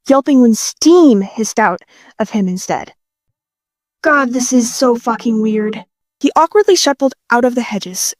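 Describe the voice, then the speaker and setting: A woman narrates a fanfiction audiobook casually and playfully, swearing freely in a profane delivery. Her voice is a little high with a darkish tone, and there's no room sound.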